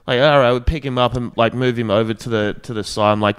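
A man's voice: medium pitch, fast, few pauses, clear, resonant tone. A young man on a podcast, telling a rambling story full of swearing and acted-out quotes. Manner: rambling, heavy swearing, animated quoting. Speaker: podcast co-host. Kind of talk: casual storytelling chat.

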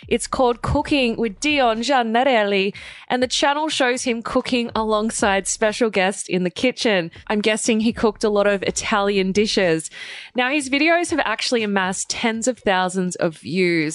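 A woman's voice: fairly high pitch, no echo. A young woman hosting a reality TV gossip show, reading a script with sarcastic, chatty asides.

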